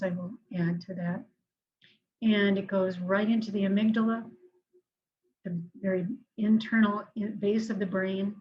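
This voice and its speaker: Slowing her delivery to walk listeners through breathing exercises, a woman counselor offers calm instruction on anger management. She has a mid-range voice, and the high frequencies in the recording are cut off.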